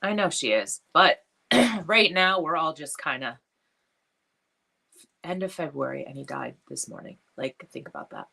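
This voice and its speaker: A woman with a somewhat low voice talks to her followers on a live stream. She sounds tearful and emotional, and her heartfelt words come out halting, broken up by frequent fillers and pauses. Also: big pitch swings, gravelly, pushed and bright. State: tearful, has been crying. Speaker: jewelry business live-stream host.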